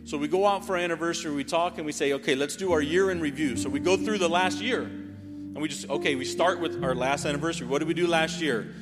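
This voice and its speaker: Over loud music, a man in his forties from North Carolina delivers a fast sermon testimony in a fairly high voice. This preacher's storytelling is lively and full of "right?", and the church sanctuary gives a long hall reverb.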